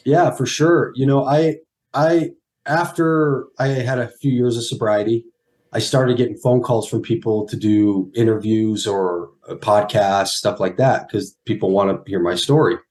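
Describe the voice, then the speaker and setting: A man's voice: mid-range voice, fairly even intonation, a little mellow. Emotional man telling his story. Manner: earnest, halting with restarts. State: emotional, near tears. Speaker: guest, former pro football player.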